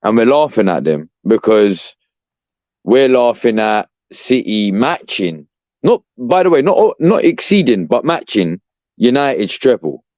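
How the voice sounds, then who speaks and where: A man's voice: medium pitch, very animated, a little slow, a little mellow, dry recording. A young man ranting as a podcast co-host, profane and exasperated, saying "bruv" constantly. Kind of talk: heated fan rant. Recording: dull, dry lo-fi sound.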